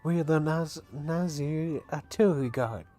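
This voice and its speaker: A man's voice: a little high, unhurried, warm tone, faint music behind, pitched above the performer's own voice, natural voice. A man voicing a boastful male artillery guard in an attempted Australian accent.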